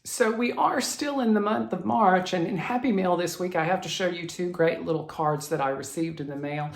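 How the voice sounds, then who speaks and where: Gravelly, chatty stitching vlog host. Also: mid-range voice, normal speed. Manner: chatty, animated storyteller who reads viewer emails. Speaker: flosstube host. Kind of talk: casual storytelling vlog. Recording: roomy echo.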